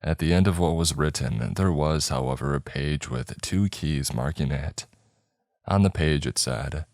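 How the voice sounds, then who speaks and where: A man narrating a horror story in a slow, measured storytelling voice. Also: very deep voice, a little mellow, no room sound. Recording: dry close mic, faint background music.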